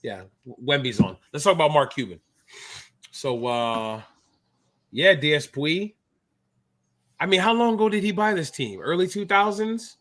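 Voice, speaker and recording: Pausing often at a moderate pace, this man has a fairly high voice. The thirtysomething co-hosts a relaxed basketball podcast, animated and full of jokes, though he drifts off topic mid-sentence.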